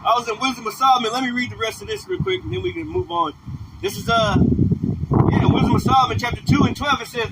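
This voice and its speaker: High-voiced man preaching over street traffic. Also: animated, fast, vocal fry. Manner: emphatic, repetitive, slangy, ends phrases with "man". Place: outdoors on a street with passing traffic. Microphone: phone or camera livestream mic. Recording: street traffic noise behind the voice.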